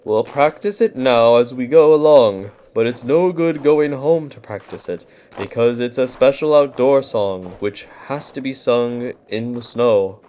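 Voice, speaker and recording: A man voicing a gentle, simple-minded bear cub who talks cheerfully and gets a bit muddled, humming his songs. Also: medium pitch, unhurried, dull audio, close to an everyday voice.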